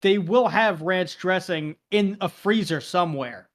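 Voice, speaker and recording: A young adult man, co-hosting a podcast in casual chat, acting out the exchanges he tells with lively feeling. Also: high-pitched, a little slow. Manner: animated storytelling, acts out quoted exchanges. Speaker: podcast co-host.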